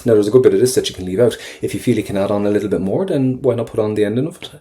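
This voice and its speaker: A man teaching an exam-prep lesson over a screen recording, chatty and encouraging, repeating phrases slowly for learners. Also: on the low side, warm tone. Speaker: Irish language tutor.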